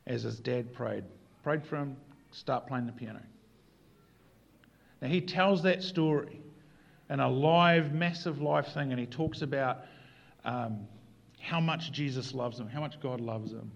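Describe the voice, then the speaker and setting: A man preaching a sermon in an earnest way, moving between quiet reflection and animated emphasis. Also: medium pitch, unhurried, creaky, pauses often, lo-fi sound. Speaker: pastor.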